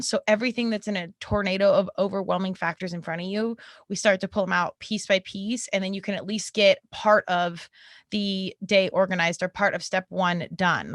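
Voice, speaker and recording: A woman's voice: medium pitch, fairly bright tone, dry recording, studio quality. A young adult woman hosting her own podcast, talking candidly and conversationally, with a laugh slipping in now and then. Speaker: podcast host. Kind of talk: personal podcast monologue. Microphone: podcast mic.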